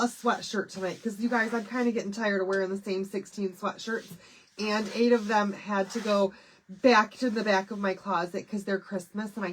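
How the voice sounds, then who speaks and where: A middle-aged woman from Michigan hosting a casual live craft stream, nasal and stuffy from a head cold, chatty and bubbly as she greets viewers by name. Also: fairly high pitch. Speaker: craft livestream host.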